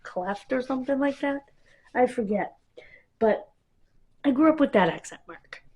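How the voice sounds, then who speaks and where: Husky-voiced woman rambling casually. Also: high-pitched, expressive, unhurried, darkish tone. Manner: chatty, wanders between tangents. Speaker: vlogger.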